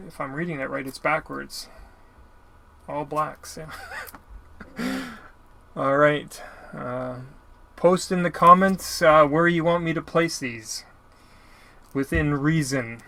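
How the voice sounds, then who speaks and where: Speaking slowly with long pauses, a Canadian man opens his mail for a YouTube video in a fairly high, creaky, sharp-toned voice. The talk is casual, rambling, and heavy on filler and apologies, with a little hiss or hum in the audio.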